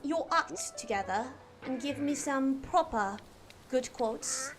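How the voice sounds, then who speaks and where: A woman's voice: high-pitched, expressive, takes it slowly, music in the background. A woman streamer chatting while she plays a game, talking in an affected posh English accent with a prim, fussy manner. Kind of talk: gaming livestream chat.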